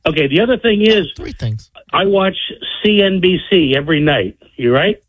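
A man phoning in to a radio show, rambling along with ums and uhs. His voice sits fairly high. The line sounds dull and muffled. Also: expressive, moderate pace. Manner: rambling, hesitant fillers. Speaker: caller. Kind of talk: phone-in call.

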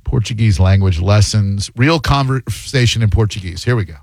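A man's voice: on the low side, a little mellow, no echo. Male radio host, brash and joking, dry studio sound. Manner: brash, joking, fast bursts. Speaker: radio talk show host. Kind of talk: casual call-in radio chat.

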